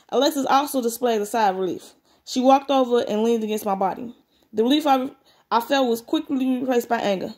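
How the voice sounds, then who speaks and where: A woman's voice: fairly high pitch, a little fast, darkish tone. A woman reading a story aloud, breaking off for blunt, slangy comments of her own. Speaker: story reader.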